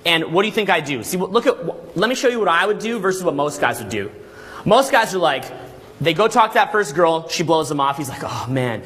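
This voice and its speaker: A man coaching a live seminar in a hotel room, animated and laughing often as he acts out voices. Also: a little high, fairly quick. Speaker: dating coach running seminars.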